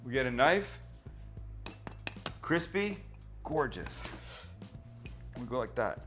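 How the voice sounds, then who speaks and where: This middle-aged cooking-show host talks in a sing-song, mid-range voice, slowly and with many pauses, over music. Chatty and teasing, he answers his own questions during a casual demonstration in his low-ceilinged home kitchen, at times holding the handheld mic close.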